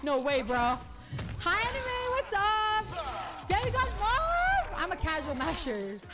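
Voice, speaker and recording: A woman streaming a fighting game live, talking to her chat in an excitable, profane, trash-talking way. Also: very high-pitched, a little slow. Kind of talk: live gameplay stream commentary. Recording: game music audible behind.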